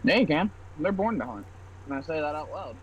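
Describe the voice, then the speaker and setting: A man's voice: a little high, big pitch swings, brisk, lo-fi sound, a little hiss or hum. Blunt, joking male player. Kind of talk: casual chat during a tabletop game.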